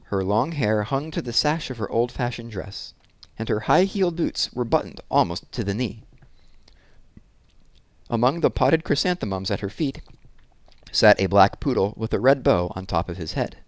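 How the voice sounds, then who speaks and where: A man narrating a children's novel in a measured, expressive storybook style. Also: mid-range voice, no echo. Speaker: audiobook narrator.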